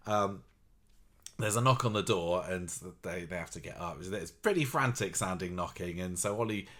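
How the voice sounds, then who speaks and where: A man's voice: low-pitched, normal speed, fairly bright tone. A man co-hosting a podcast, recapping a soap in a rambling chat with wry asides. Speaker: podcast co-host.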